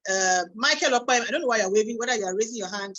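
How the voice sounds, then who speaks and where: A woman with a Nigerian English accent hosts a live online meeting. She talks in a chatty, lively way and reads audience comments aloud as they arrive, heard through a computer mic on a video call. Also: fairly high pitch, fast talker, rough recording. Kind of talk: hosting a live online webinar.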